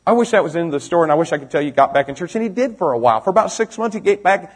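A man preaching a storytelling sermon to young people, swinging from shouting to hushed near-whispers and firing direct questions at the listeners. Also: fairly high pitch, expressive, racing, hardly any pauses, slightly rough. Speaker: preacher, youth pastor.

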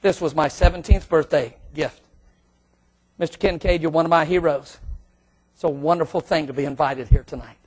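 An earnest, polite teenage boy, as a preacher puts him on. He speaks in a composed, measured way. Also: a little high, breathy edge, pitched below the performer's own voice.

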